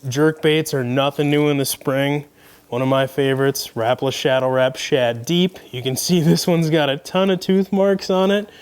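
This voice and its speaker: Young host, easygoing and folksy, voice a touch high, for a chatty gear rundown. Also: male voice, moderate pace, clean tone. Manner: relaxed, folksy, conversational with fillers. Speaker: fishing video host. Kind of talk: casual gear rundown to camera.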